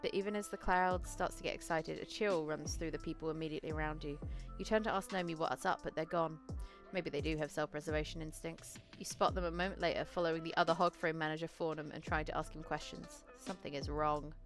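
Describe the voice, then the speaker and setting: A woman with a fairly low voice narrates a tabletop role-playing session in the second person. She keeps a casual, easy tone and corrects her own slips along the way. Quiet music plays faintly behind her. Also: fairly even intonation, quick pace, few pauses. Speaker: game master and narrator. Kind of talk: solo tabletop game narration.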